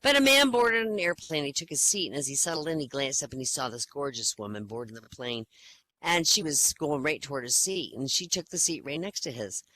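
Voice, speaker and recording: A woman's voice: low-pitched, animated, a little fast, pushed and bright, a little hiss or hum, rough recording. Chatty woman hosting an online comedy night. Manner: chatty, rambling, with hesitant fillers. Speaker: comedy open-mic host. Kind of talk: casual joke-telling. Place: online virtual-world voice chat.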